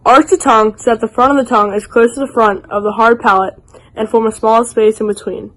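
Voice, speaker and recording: Woman presenter with a higher voice, walking through mouth positions. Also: fairly even intonation, brisk, a bit bright, rough recording. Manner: explains pronunciation step by step. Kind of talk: classroom presentation.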